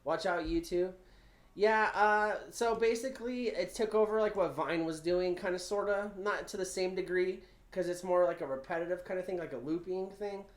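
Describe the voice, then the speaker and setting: A man's voice: high voice, moderate pace. Laid-back man chatting in a roomy space. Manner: laid-back, swears, laughs often. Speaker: podcast co-host. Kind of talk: casual chat.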